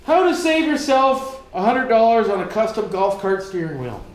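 A man's voice: high-pitched, very animated, normal speed. A Canadian man vlogging casually as he works, joking and swearing and talking to his viewers as "boys". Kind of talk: casual vlog while working. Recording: echoey room.

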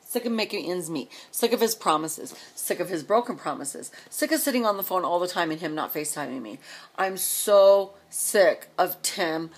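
Exasperated husky woman ranting. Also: lowish voice, animated, normal speed. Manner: exasperated, rambling, sarcastic. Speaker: vlogger. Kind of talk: venting rant to camera.

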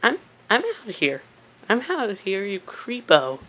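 A woman's voice: medium pitch, huge pitch swings, a little slow, a bit bright, exaggerated voice. A woman voicing an exasperated young female interviewee, indignant and complaining in a comedic parody. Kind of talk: comedic parody role-play.

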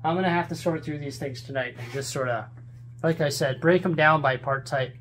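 A man's voice: fairly high pitch, fairly quick, fairly bright tone, slight background noise. A man vlogging at home, talking casually and rambling with lots of fillers as he sorts and shows his things. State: out of breath. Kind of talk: casual vlog chat. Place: house, rooms and stairs.

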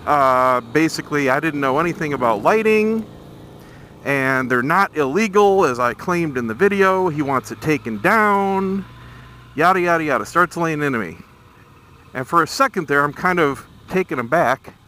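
A middle-aged man telling a story on a casual vlog while riding a motorcycle through town traffic, irritated but measured. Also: fairly high pitch, lively intonation, sharp tone. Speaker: motovlogger.

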